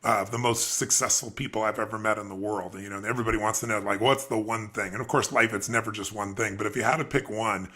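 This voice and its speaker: A male host speaking with a bright, forward tone. He lays out sweeping motivational points with emphasis and conviction. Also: lowish voice, steady tone, fast, few pauses. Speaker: interviewer host. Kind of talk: motivational conversation.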